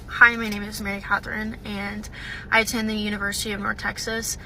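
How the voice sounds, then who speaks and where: A woman's voice: mid-range voice, little pitch movement, a little fast, pushed and bright, slight background noise, rough recording. A young woman, a university student, telling a personal story to the camera in a casual, hesitant way, full of "um" and "like". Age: young adult. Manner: hesitant, with frequent "um" and "like".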